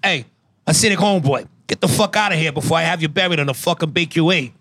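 A man's voice: a little high, fairly bright tone. A man improvising an impression of a middle-aged male New mob boss, profane and threatening. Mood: menacing scorn. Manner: profane, threatening, quick tough-guy bark.

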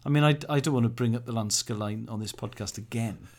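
A man's voice: mid-range voice, quick pace, darkish tone. A man co-hosting a podcast in casual chat, musing and now and then searching for words. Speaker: podcast co-host.

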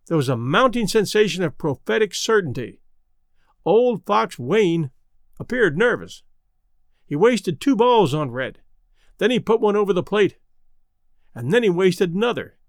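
Male narrator, high and animated, dry close sound, expressive storybook reading. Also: dry recording. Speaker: audiobook narrator.

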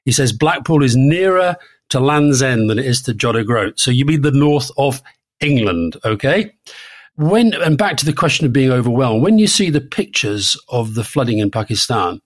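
A man's voice: mid-range voice, big pitch swings, normal speed. A man in his sixties co-hosting a political podcast, chatting casually with lots of restarts and fillers. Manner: conversational, with frequent restarts and fillers. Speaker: podcast co-host.

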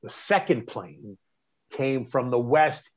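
Animated New man, husky voice. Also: medium pitch, slow. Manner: animated, emphatic, stammers on restarts. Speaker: interview guest recounting a personal story. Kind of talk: conversational storytelling. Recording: dull lo-fi sound.

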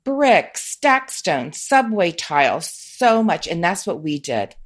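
A woman's voice: fairly low pitch, big pitch swings, slow. A woman in a casual home-decor chat, talking eagerly, laughing often and restarting her sentences.

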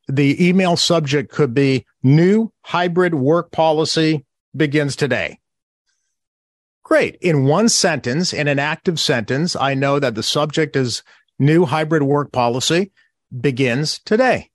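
A man's voice: fairly high pitch, no room sound, studio quality. A man who is an author, giving a podcast interview and explaining his points with emphasis, acting out the phrases he quotes.

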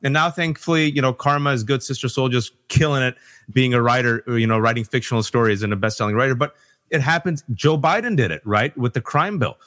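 An impassioned man making his case on a podcast panel. He talks in fast, emphatic bursts with an animated delivery and slips into voices to mimic people. His pitch sits in a middle range. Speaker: panel guest. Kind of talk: impassioned political podcast discussion.

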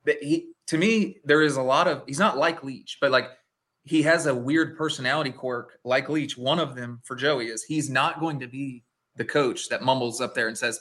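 A man's voice: medium pitch, fairly quick, a bit bright. A man co-hosting a sports podcast in casual chat, rambling with lots of "like" and restarts. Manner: rambling, heavy use of "like", restarts mid-sentence. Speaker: podcast co-host.

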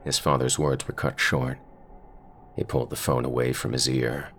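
A man reading scripted horror narration in a slow, brooding storytelling manner. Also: extremely low pitch, level tone, a bit bright, slight background noise.

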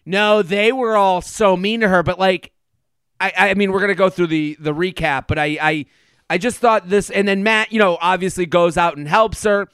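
A man's voice: a little high, clear, resonant tone, no room sound. A man co-hosting a podcast in casual chat, telling stories and acting out what people say. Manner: animated, acts out quotes with crude asides. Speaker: podcast co-host.

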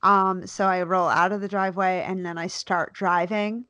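A mother in her thirties, a podcast co-host and teacher, telling a lively story in casual chat, swearing freely and acting out what she said. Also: lowish voice, moderate pace, no echo. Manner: animated storyteller, swears freely, acts out quotes.

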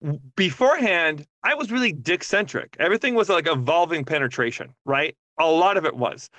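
A lively woman guest on a podcast who jokes and swears freely in loose, casual chat. Her voice is bright and forceful. The close mic keeps the sound dry and free of any room. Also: low-pitched, fairly quick, no room sound. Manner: animated, joking, swears freely.

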